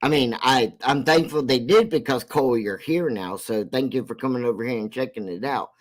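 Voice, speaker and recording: A man hosting a casual livestream, talking slowly and repeating himself for emphasis. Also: mid-range voice. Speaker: livestream host; military veteran.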